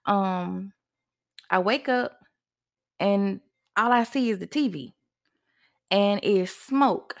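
A young woman hosts a podcast and tells a personal story. Her delivery is animated, and her voice climbs sharply when she acts out her own past words. She talks like she is sharing it with a friend. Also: mid-range voice, takes it slowly, gravelly, long pauses. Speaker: podcast host.

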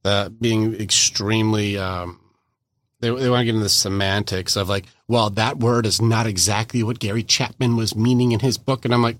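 A man's voice: lowish voice, fairly even intonation, moderate pace, no room sound. A man hosting a podcast interview, talking casually and animatedly, acting out little quoted exchanges in playful voices. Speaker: podcast host.

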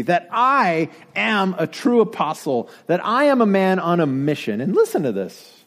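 A man's voice: sits high, sing-song, unhurried, hardly any pauses, fairly bright tone. A man from Denver preaching a sermon, full of rhetorical questions and dry asides. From Denver, United States. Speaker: pastor. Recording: long reverb from a hall.

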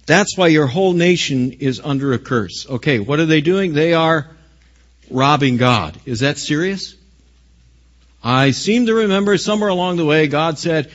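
A man preaching a sermon with a fairly high voice, pressing hard on key phrases and turning to the listeners with questions. The recording sounds dull and lo-fi. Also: animated, normal speed. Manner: emphatic preaching, rising loud on key phrases. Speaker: pastor.

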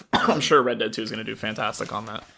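A man with a bright, forceful tone co-hosts a casual podcast chat. He thinks aloud as he talks, with relaxed, loosely built sentences. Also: lowish voice, brisk, creaky, slight background noise. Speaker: podcast co-host. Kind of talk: casual chat about video games.

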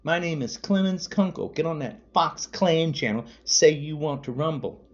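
Furious ranting man, lively pitch. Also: moderate pace. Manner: furious, shouting insults, repetitive. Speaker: podcaster. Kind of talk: angry political rant. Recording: dull lo-fi audio.

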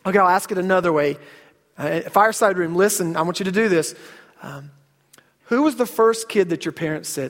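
A man's voice: sits high, lively intonation, brisk, a bit bright. A man in his thirties preaching a casual, story-filled sermon, often repeating words as he starts a sentence. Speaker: pastor. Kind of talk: conversational sermon. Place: church sanctuary. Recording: long hall reverb.

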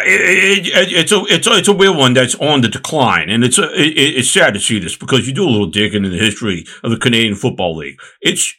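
A man's voice: mid-range voice, bright, forceful tone. A man co-hosting a casual sports podcast, joking and often restarting his sentences. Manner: halting, restarts often, jokey. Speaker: podcast co-host.

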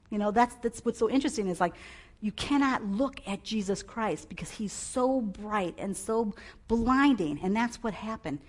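Animated woman preaching with emphatic bursts. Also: medium pitch. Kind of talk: sermon. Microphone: clip-on mic.

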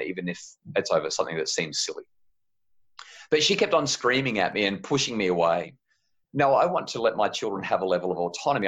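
A man, telling a parenting story in a gentle, calm way on a podcast. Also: fairly low pitch, highs cut off. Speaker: parenting guest.

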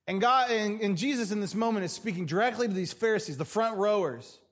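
A male pastor preaching a sermon in a church, dramatic, swinging from loud passages to hushed ones. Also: high-pitched, a little fast.

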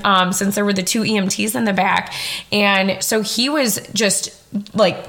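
A woman's voice: medium pitch, fairly bright tone. A young woman hosting a podcast and telling a personal story in a chatty, emphatic way, laughing often and swearing casually. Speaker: podcast host.

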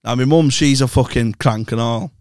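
A man's voice: medium pitch, moderate pace, a little mellow, no room sound, clean studio sound. A man on a casual podcast, telling rowdy family stories full of swearing and acted-out voices. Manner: swearing storyteller acting out family scenes. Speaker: podcast co-host. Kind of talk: casual chat.

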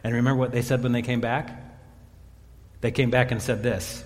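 Animated preacher in a reverberant hall. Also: male voice, medium pitch, fairly quick, long pauses. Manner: animated storytelling, voicing biblical characters. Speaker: pastor. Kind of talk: sermon.

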